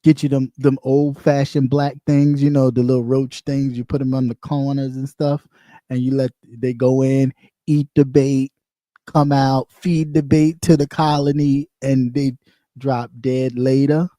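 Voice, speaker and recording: Profane, laughing livestream host. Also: male voice, mid-range voice, unhurried, dry recording. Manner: loose, profane and animated, with frequent laughs and repeats. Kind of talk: casual commentary livestream.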